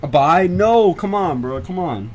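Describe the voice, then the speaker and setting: A man's voice: sits high, unhurried, a little hiss or hum. Pleading, repetitive teenage boy streamer. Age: teens. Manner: pleading, whiny, repeats himself over and over; swearing, excitable bursts when spotting storms. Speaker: livestream host tracking storms. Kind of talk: casual livestream commentary to chat.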